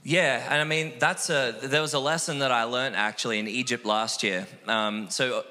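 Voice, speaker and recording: A man from Australia, a missionary guest telling animated, self-deprecating stories in a casual interview. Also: mid-range voice, normal speed. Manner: animated, acts out quoted voices, self-deprecating. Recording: long hall reverb.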